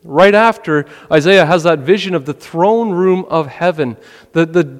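A man preaching a sermon in an earnest way, asking questions and often dropping his voice low. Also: moderate pace, long reverb tail. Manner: earnest, rhetorical questions, drops to a quiet voice. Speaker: pastor.

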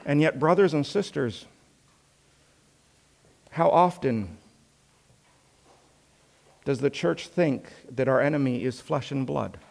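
A man preaching a sermon with earnest rhetorical questions, swinging between loud emphasis and hushed tones. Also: medium pitch, slow, gravelly, long pauses, big-room sound.

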